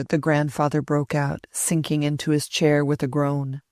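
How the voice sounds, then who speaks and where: Woman narrator, deep-ish voice, dry booth sound, measured classic-novel reading. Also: flat delivery, a little mellow, no echo. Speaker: audiobook narrator.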